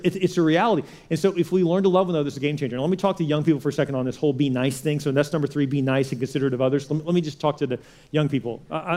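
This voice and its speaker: A fairly high-pitched man delivers a sermon as a pastor. He is middle-aged and talks in a conversational way, putting the same questions to his listeners again and again. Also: darkish tone. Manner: conversational preaching, repeats rhetorical questions.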